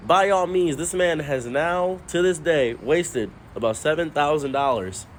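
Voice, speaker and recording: A man's voice: a little high, unhurried, slight background noise. Wry man telling a funny story. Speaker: commentary storyteller. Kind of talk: casual comedic storytelling.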